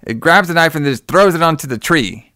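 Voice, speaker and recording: A man's voice: fairly high pitch, fairly quick, no room sound, clean studio sound. A man casually recapping a movie plot as a podcast co-host, swearing freely and acting out the characters' lines. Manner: profane, animated storytelling with quoted voices.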